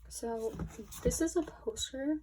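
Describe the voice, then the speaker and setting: A young woman unboxing albums at her desk in casual commentary. She gushes excitably, her voice shaky, often dropping to a near whisper. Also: high-pitched, slow, noisy background. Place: small room at her desk.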